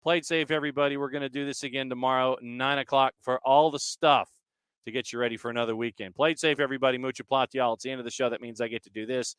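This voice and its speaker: A man hosting a sports talk show, briskly reading through a broadcast schedule with dry asides. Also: mid-range voice, flat delivery, fairly bright tone, clear, resonant tone, no room sound. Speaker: sports radio host.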